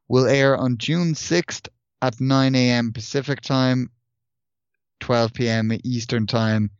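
A man co-hosts a gaming podcast, rambling through his points and circling back on his own words. His voice sits at an ordinary middle pitch. The recording is dull and lo-fi, with a close, dry sound and no room echo. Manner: rambling, many restarts and fillers. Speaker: podcast co-host. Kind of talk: casual gaming podcast chat and news reading.

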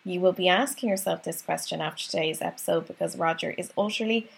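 A woman's voice: lowish voice, fast, creaky, husky. An Irish woman hosting a podcast, chatting in a bubbly, rambling, self-mocking way as she opens the episode. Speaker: podcast host.

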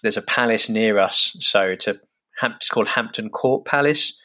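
Low-voiced English man, halting and casual. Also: sharp tone. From England. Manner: hesitant, many fillers and restarts. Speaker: podcast guest. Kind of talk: casual interview chat.

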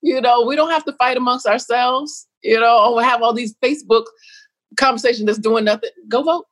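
Woman guest, middle-aged, fairly high voice, lively chatty delivery, acts out quotes. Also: fairly quick. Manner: animated, jumps between quoted voices and laughs. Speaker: interview guest. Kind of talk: casual interview chat.

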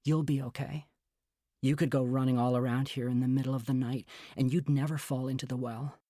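A male audiobook reader voicing a fragile, anxious young woman, speaking earnestly and quietly pleading. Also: mid-range voice, little pitch movement, fairly quick, dry recording, clean studio sound, voice pushed up, lightly acted. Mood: reassuring. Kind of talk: audiobook character reading.

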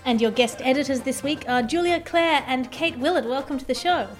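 Wry, fairly high-voiced woman host. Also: soft background music. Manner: quick, wry, deadpan jokes. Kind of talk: topical comedy podcast hosting.

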